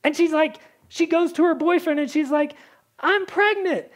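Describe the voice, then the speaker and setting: A woman's voice: sits high, flat delivery, a little fast, a little mellow. A woman preaching a casual, chatty sermon, full of fillers and acted-out Bible characters.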